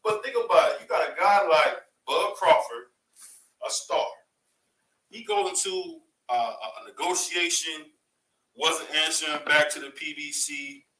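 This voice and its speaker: Excitable male show host, very bright and forceful voice, a bit high, echoey room, sits back from the mic. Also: measured pace, distant mic. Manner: excitable, rants with rhetorical questions. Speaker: boxing commentary host. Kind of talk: casual opinion commentary.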